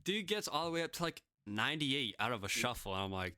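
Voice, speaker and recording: A man's voice: medium pitch, quick pace, few pauses, bright, forceful tone, clean tone, dry recording, studio quality. A young man casually telling self-deprecating stories, rambling with lots of fillers. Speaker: podcast guest pitcher. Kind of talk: casual storytelling.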